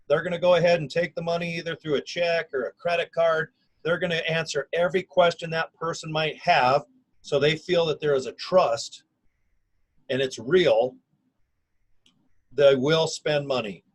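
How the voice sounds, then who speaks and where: A man in his fifties speaks straight to his own camera in an energetic, folksy pitch. His voice sits a little high for a man, and he leans on slang and punchy emphasis as he talks. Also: poor audio. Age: 50s. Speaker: online business recruiter. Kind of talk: casual self-recorded video pitch. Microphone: camera or phone mic.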